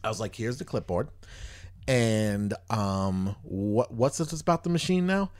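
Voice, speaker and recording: A man's voice: lowish voice, animated, a little slow, a little mellow. A man hosting a podcast, telling a long story in casual chat, rambling and exasperated, swearing freely. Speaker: podcast host.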